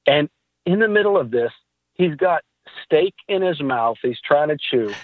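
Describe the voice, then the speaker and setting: Male podcast guest, animated faith storyteller, slightly husky, on a tinny phone-like line. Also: on the high side, measured pace, dry recording. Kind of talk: casual faith talk.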